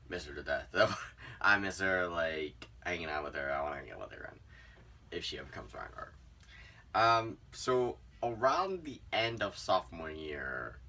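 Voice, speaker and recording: A man's voice: low-pitched, recorded from a distance. A young man casually telling a personal story on his vlog, rambling with lots of fillers. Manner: rambling, many "like" and "um" fillers, lively swings in loudness. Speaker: vlogger.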